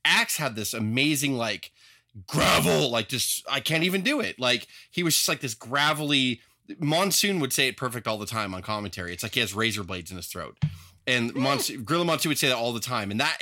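A man's voice: medium pitch, a little fast. A man co-hosting a casual podcast chat, talking animatedly and putting on voices as he tells stories. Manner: animated, acts out voices of others. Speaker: podcast co-host.

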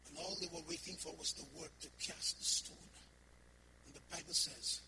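A man preaching a sermon as a missionary. He speaks with fiery emphasis, calls out to the congregation and swings between shouting and hushed delivery. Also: on the high side, steady tone, moderate pace, noisy background. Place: church.

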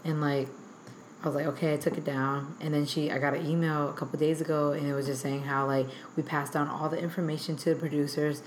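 A young woman guest telling a story in a rambling, animated way, full of filler words. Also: low voice, fast talker, a little hiss or hum. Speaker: guest artist. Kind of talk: animated storytelling in casual chat. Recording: echoey room.

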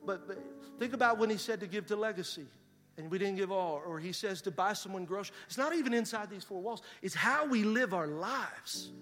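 A middle-aged man, a pastor telling a story in a sermon and building to loud preaching. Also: high voice, expressive, fairly quick, soft background music. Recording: reverberant hall.

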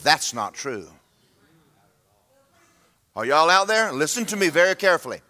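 A man's voice: on the high side, very animated, normal speed, pushed and bright. A man, preaching a sermon to his church in a folksy, humorous, emphatic way. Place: church sanctuary.

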